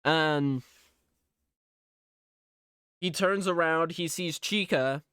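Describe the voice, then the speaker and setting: A man reviewing a movie in a laid-back, unhurried way, peppering his plot recap with swearing and deadpan sarcasm. His voice sits a little high and sounds clean and smooth. The sound is dry and close, with no room around it. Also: no echo. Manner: profane, offhand, jokey sarcasm.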